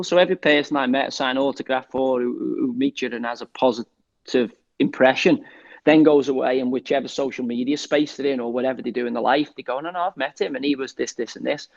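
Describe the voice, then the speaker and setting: A man from England speaks as the guest in a relaxed interview, rushing through his thoughts at a quick clip. He keeps restarting his sentences and leaning on "you know". The sound is dull and lo-fi. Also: medium pitch, creaky. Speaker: guest, former footballer. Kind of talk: casual interview talk.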